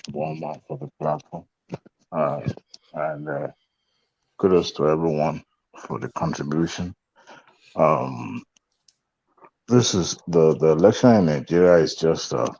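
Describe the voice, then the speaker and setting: A man giving closing remarks on an online panel, speaking slowly with many pauses and fillers. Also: a bass voice, vocal fry, warm tone, highs cut off. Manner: slow, halting, many fillers.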